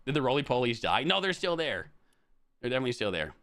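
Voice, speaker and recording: A man's voice: medium pitch, very animated, fast talker, a bit bright. A young man chatting casually on a live stream, rambling and swearing, with frequent laughs.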